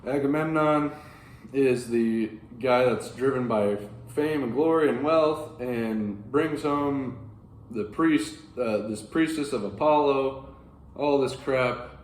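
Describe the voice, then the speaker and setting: A man hosting a book channel, casually explaining classic literature in a rambling, animated way with frequent fillers. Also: medium pitch, slow pace. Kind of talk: casual classics commentary to camera. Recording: roomy with faint ambience.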